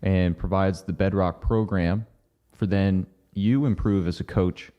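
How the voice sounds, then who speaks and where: A man's voice: low-pitched, fairly even intonation, unhurried, dull audio. A man co-hosting a casual podcast, giving direct, practical advice. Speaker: podcast co-host.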